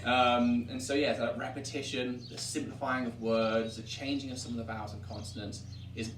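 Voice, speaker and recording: A man's voice: medium pitch, moderate pace, very noisy. A man from Wiltshire with an English accent, directing a historic site and casually teaching about old dialects, explaining points and acting out examples. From Wiltshire, England. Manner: explains and demonstrates accents with lively put-on examples. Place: historic tavern room. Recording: roomy distant mic, faint ambience.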